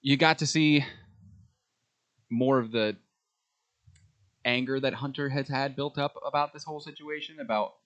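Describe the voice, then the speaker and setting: A man co-hosting a podcast, chatting casually and excitedly about a show, with many ums. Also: mid-range voice, normal speed, long pauses, dull audio. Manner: enthusiastic fan talk with frequent fillers. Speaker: podcast co-host. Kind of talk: casual chat.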